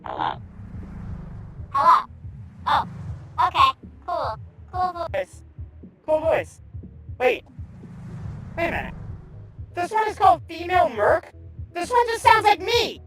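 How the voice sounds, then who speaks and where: A man speaking through a voice changer set to a high synthetic female-merc and robot voice, excitable and joking. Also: slow pace, pauses often, music in the background, exaggerated voice. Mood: excited. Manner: excitable, yelps and jokes. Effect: high pitch-shifting voice changer.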